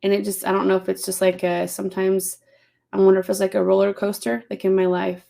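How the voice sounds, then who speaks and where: A woman in a casual podcast chat, talking in a reflective, halting way. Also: mid-range voice, monotone, gravelly, mellow. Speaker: podcast co-host or guest.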